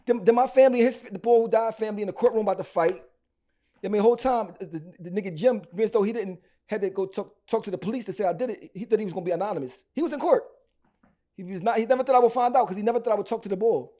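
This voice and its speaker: In a storytelling interview, a rapper from Philadelphia speaks with a Philly accent in rapid, slangy bursts, frequently restarting and circling back. Though his voice sits high, its tone is dark and mellow.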